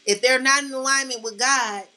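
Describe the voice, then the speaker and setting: A woman's voice: high-pitched, steady tone, normal speed, bright, forceful tone, rough recording. A woman tarot reader speaking to her viewers in a passionate, blunt monologue, swearing freely and close to tears. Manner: passionate, blunt, swears freely, calls listeners "collective" and "baby". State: near tears. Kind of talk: emotional spiritual monologue to viewers.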